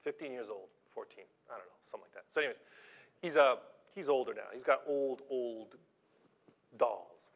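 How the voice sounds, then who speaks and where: A pastor with a mid-range, creaky voice preaches in a conversational, storytelling manner. He restarts haltingly and lands key phrases with slow, deliberate emphasis.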